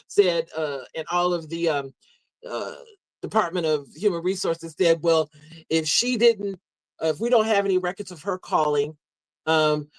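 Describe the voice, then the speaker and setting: A man telling a story in a live audio discussion, halting and full of fillers. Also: a little high, dry recording, rough recording. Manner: halting, many fillers and restarts. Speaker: guest speaker.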